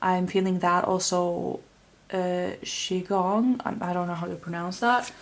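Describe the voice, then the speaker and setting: A woman's voice: lowish voice, fairly even intonation, a little slow. Rambling woman giving a tarot reading. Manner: rambling, with many fillers and restarts. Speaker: tarot reader. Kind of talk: casual tarot reading to camera.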